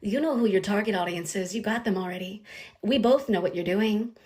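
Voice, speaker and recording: A woman's voice: medium pitch, a little fast, a little mellow. A woman ranting in a recorded voice memo, talking down to her target in a condescending way and calling them "honey.". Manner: condescending, calls the listener "honey". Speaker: sender of a voice memo.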